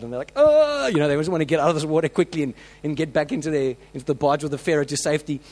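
A man preaching a sermon, telling stories with lively acted-out voices and frequent restarts. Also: mid-range voice, poor audio. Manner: animated storytelling, acts out quoted voices; many restarts and filler words.

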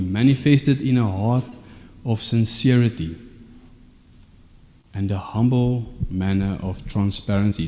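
A male preacher talks through scripture in a relaxed, conversational way, checking in with his listeners through tag questions. His voice sits low, with a mellow, dark tone. The sound rings out with the long reverb of a hall. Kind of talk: informal teaching sermon.

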